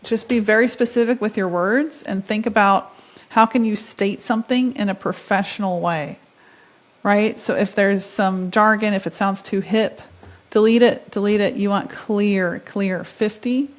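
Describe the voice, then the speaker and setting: A woman in her thirties hosts a casual software tutorial. She sounds chatty and upbeat, thinking aloud while she clicks. Her voice sits in the middle range. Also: medium pitch, fairly even intonation, measured pace. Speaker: tutorial host. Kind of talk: casual screen-share tutorial.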